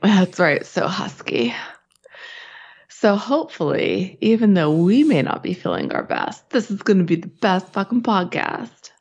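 A woman co-hosting a podcast, husky and stuffed up from a sinus infection, chatting casually, swearing and laughing often. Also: medium pitch, sing-song, unhurried, darkish tone. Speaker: podcast co-host. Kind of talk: casual chat. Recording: dull lo-fi sound.

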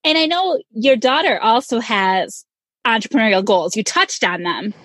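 A woman's voice: on the high side, normal speed, a bit bright, dry recording. A woman hosting a casual interview, upbeat and encouraging as she asks questions. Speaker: host.

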